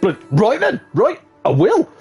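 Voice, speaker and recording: A man's voice: very high-pitched, wildly swooping pitch, measured pace, darkish tone, faint music behind, voice pushed up, exaggerated voice. A man voicing a stubborn old husband in his eighties in a joke, huffy and defiant.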